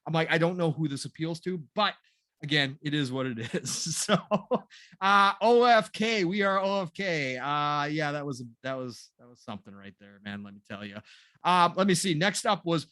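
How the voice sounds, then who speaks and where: A man's voice: fairly high pitch, animated, moderate pace, bright, forceful tone, clear, resonant tone, dry recording, studio quality. A man in his forties co-hosting a gaming podcast, rambling and sarcastic with a self-deprecating streak. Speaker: podcast co-host. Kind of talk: casual gaming news chat.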